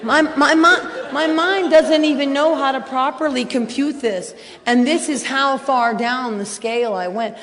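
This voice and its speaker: A middle-aged woman speaking at a recovery convention, blunt and self-mocking, swinging between quiet and loud. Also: high-pitched, measured pace. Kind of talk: personal share at a convention. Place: large hotel ballroom. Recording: hall reverb from a convention room.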